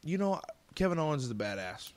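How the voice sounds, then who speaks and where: A man's voice: a little high, very animated, fairly quick. A man co-hosting a podcast who insists on his point and repeats it in casual chat. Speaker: podcast co-host.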